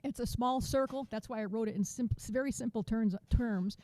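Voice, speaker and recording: A woman teaching a drum masterclass over a video call, chatty and counting beats out loud. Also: on the high side, fairly quick, no room sound. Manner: chatty, restarts sentences, counts beats aloud.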